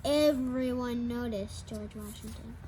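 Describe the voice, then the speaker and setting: A woman's voice: fairly high pitch, unhurried, dark tone, slight background noise, rough recording. A woman reading a children's picture book aloud, with small slips, restarts and asides to the listener. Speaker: storybook reader.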